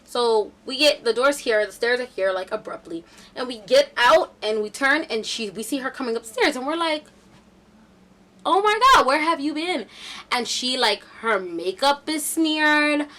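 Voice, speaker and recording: A young woman vlogger telling a casual storytime, chatty and animated with slangy asides. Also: fairly high pitch, normal speed.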